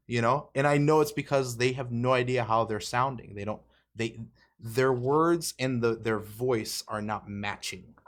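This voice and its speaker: A man's voice: mid-range voice, moderate pace. Laid-back man saying "dude" a lot. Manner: laid-back, swears, says "dude" and "like" often. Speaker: interviewer. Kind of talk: casual podcast chat.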